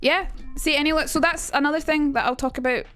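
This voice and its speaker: A young woman talks through a casual livestream lesson, quick to poke fun at herself and swear. Her voice sits high, and soft music plays faintly behind her. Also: steady tone. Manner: chatty and self-mocking, swears freely. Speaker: streamer teaching accents.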